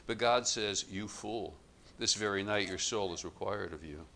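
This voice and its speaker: Low-voiced preacher guy, bright forceful tone, measured emphatic sermon. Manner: measured, emphatic contrasts, rising louder on quotes.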